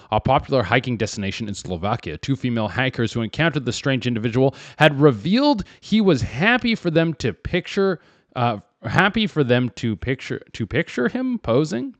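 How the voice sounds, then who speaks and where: Young male comic host, slightly high voice with lively swings, dry booth sound. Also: no echo. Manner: riffing, acts out characters in quick put-on voices. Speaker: comedy podcast host. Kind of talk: casual comic commentary.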